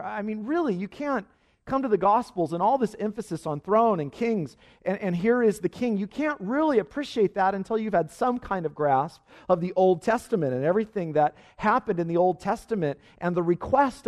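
A man's voice: high voice, darkish tone. A man preaching a sermon at a church service, earnest and building his points with rhetorical questions and repeated phrases. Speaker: pastor.

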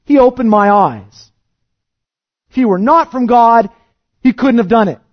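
A man's voice: extremely high pitch, unhurried, no echo, dull audio, voice pushed up. A man voicing a formerly blind man who boldly and mockingly rebukes religious leaders. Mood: defiant. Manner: emphatic, mocking and defiant.

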